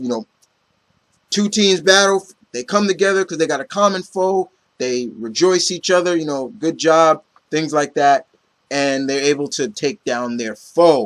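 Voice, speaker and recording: A man's voice: mid-range voice, no room sound. Rambling man recapping a comic. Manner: rambling, heavy on fillers, acts out quotes. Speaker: comic book reviewer. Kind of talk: casual comic book recap.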